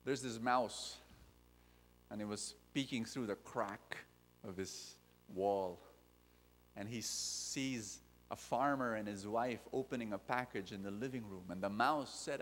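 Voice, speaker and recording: A male preacher delivering a lively sermon, firing repeated questions straight at the crowd. His voice sits fairly high for a man. It rings out with the long reverb of a large hall. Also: unhurried. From Philippines. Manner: animated, repetitive, direct questions to the audience.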